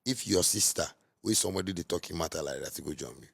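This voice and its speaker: A man with a Ghanaian Pidgin English accent delivering a heated, scolding monologue that repeats and mocks, bursting into sudden loud outbursts. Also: sits low, fast, creaky. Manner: repetitive and mocking. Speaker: musician. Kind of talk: ranting monologue.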